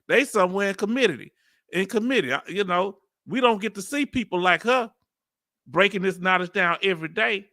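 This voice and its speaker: Animated Texas man reacting loudly. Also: high-pitched, brisk, dry recording, clean studio sound. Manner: animated, slangy, laughs often. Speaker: reaction video host. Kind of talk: reaction commentary.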